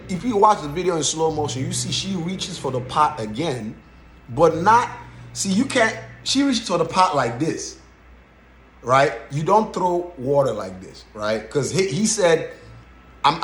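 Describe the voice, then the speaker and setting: A man hosting a podcast, giving casual reaction commentary in an animated way and often checking in with "right?". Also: on the high side. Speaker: podcast host. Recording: roomy echo.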